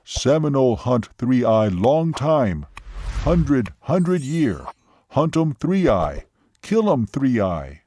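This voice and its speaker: A man's voice: mid-range voice, very animated, warm tone, a little hiss or hum. A man doing a terse, emphatic fisherman. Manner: clipped, emphatic, halting phrases. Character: terse fisherman speaking broken English, solemn.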